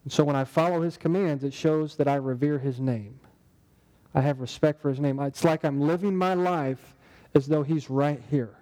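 A man's voice: a little high, moderate pace, warm tone, in a large hall, poor audio. A man preaching a sermon in a conversational way, asking the congregation rhetorical questions. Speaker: pastor.

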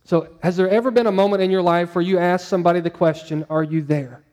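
Male pastor, slightly high mellow voice, chatty preaching style that draws in the congregation. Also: fast, long reverb tail. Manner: conversational, asks the congregation questions. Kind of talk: sermon.

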